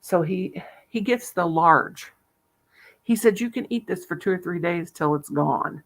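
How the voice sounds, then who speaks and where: A woman's voice: fairly low pitch, lively intonation, unhurried. An older woman vlogger, chatty and salty, telling home stories with frequent laughter. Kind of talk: casual chat, storytelling.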